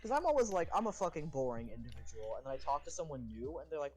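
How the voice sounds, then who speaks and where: A man's voice: a little high, sing-song, fast, hardly any pauses, dull audio, faint music behind. A trans man whose voice is dropping and cracking on testosterone, chatting casually and swearing on a live stream. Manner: rambling, swears a lot.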